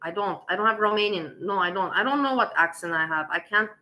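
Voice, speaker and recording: Bright-voiced woman in casual chat. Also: medium pitch, fast, rough recording. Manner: swearing, storytelling with acted quotes. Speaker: co-host.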